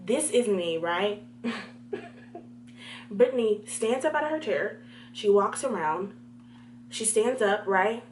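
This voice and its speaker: A young woman telling a storytime vlog, animated and talking straight to her viewers. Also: medium pitch, slow pace, pauses often, a little hiss or hum. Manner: animated, talks to viewers directly.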